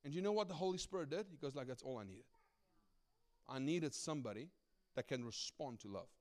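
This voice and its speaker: A middle-aged South African guest preacher speaks at a brisk clip in a mid-range voice. He tells personal stories animatedly, keeping it conversational and often asking "right?".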